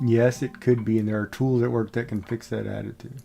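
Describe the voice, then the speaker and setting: A man's voice: medium pitch, little pitch movement, brisk, gravelly, few pauses, warm tone, soft background music. A man hosting a livestream, chatting casually and jokingly with viewers. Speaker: livestream host.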